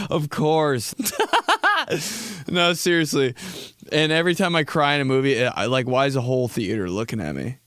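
A man's voice: on the high side, sing-song, a little slow, long pauses, fairly bright tone, no room sound. A young man hosting a podcast, talking through a rambling comedic monologue from a studio, laughing often and calling his listeners dude and bro. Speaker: podcast host.

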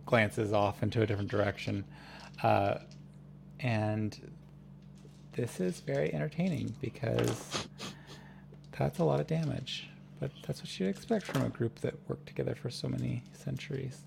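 A man narrating as game master of a tabletop game, describing the scene in a halting, drawn-out way. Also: mid-range voice, gravelly, noisy background.

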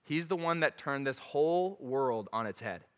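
A man preaching a sermon, reading scripture aloud with animated, dramatic emphasis. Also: medium pitch, moderate pace, big-room sound.

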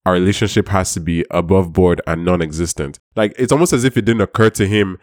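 A man co-hosts a casual recap chat, wry and argumentative, pressing his points with emphasis. His voice is low and sounds dry, with little room around it. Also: quick pace, darkish tone, no room sound. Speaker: podcast co-host.

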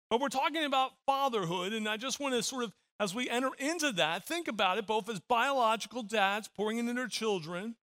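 A man's voice: sits high, bright, forceful tone, clear, resonant tone. A middle-aged man preaching a sermon as pastor, telling stories with frequent repeated words.

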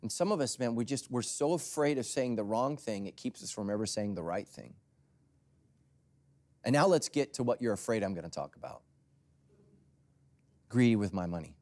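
Male pastor, sermon, lively expressive pitch, loud emphasis then near whispers, storytelling. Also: moderate pace, pauses often.

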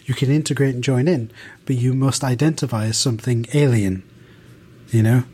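A man's voice: mid-range voice, fairly even intonation, moderate pace, dark tone, husky. Uk man, podcast co-host, casual and thoughtful, keeps circling back to his point. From United Kingdom. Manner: thoughtful, rambling with many restarts and fillers.

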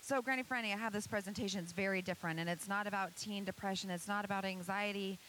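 A woman's voice: mid-range voice, fairly even intonation, fast talker, fairly bright tone, slight background noise, low-quality recording. A woman giving an earnest presentation to an audience, asking many rhetorical questions. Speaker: speaker giving a church presentation. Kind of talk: motivational talk to an audience.

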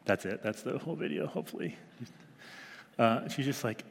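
A man in his thirties talks through a devotional in a loose, chatty way, full of likes and ums. He speaks at a middle pitch. His voice carries a long reverb, as if recorded in a large hall. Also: animated, moderate pace, slight background noise. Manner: chatty, many fillers, mimics his toddler's voice. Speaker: small group devotional leader. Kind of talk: casual devotional talk.

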